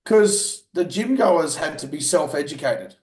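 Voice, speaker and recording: A man's voice: a little high, animated, a little slow, darkish tone, echoey room. An Australian man co-hosting a casual podcast, talking bluntly with plenty of swearing. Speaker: podcast co-host.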